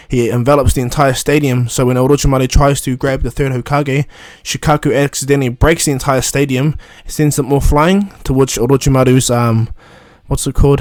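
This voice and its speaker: A man's voice: mid-range voice, darkish tone, dry recording, clean studio sound. A man retelling a fan story casually, rambling with many fillers and restarts.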